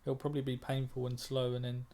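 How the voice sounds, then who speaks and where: A man's voice: medium pitch, monotone, fast talker, mellow. A man, a trader and moderator, talking bluntly in a casual group discussion, often repeating words as he thinks.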